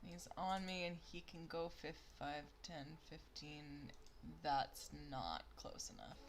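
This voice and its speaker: A woman's voice: low voice, slow pace, slight background noise. A woman playing a tabletop game, chatting casually and counting out her moves aloud. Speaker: player.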